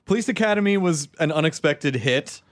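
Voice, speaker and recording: A man's voice: on the high side, lively intonation, brisk, a crowd in the background. A man hosting a casual podcast chat, chiming in with short quips.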